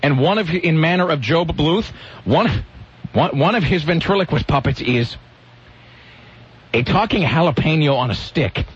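High, lively radio host man. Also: moderate pace, long pauses, slightly rough. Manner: rambling, self-interrupting storytelling. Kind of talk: casual on-air banter. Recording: lo-fi radio broadcast sound.

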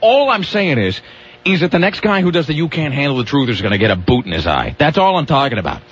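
Rambling radio host, husky voice, lively pitch. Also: male voice, fast. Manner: rambling, restarts, grumpy rants. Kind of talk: casual radio banter. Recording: dull lo-fi radio broadcast.

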